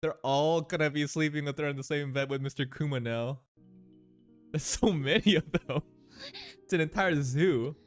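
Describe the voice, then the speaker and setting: A man's voice: fairly high pitch, normal speed. Chatty man reacting to anime. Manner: chatty, teasing, talks back at the screen. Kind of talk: casual reaction commentary. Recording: faint music behind.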